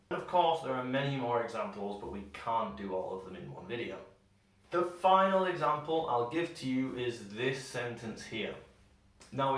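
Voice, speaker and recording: A man teaching English pronunciation, slowing down and stretching words to show each sound. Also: medium pitch, far from the mic. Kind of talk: pronunciation lesson. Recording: very echoey room, voice set back from the mic.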